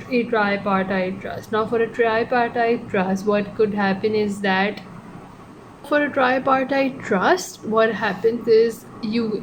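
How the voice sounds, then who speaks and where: A woman's voice: a little high, highs cut off. A woman giving a casual online law lecture, talking in a chatty, digressive way, often correcting herself and adding joking asides. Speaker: law tutor. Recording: clear background noise.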